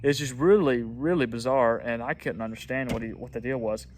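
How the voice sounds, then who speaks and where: A young man with a drawl, telling a long story in a loose, casual vlog. His pitch sits in the middle, and he trips over and repeats words as he goes. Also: brisk, darkish tone, a little hiss or hum. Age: young adult. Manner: rambling, repeats words, frequent ums. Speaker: pressure washing business owner.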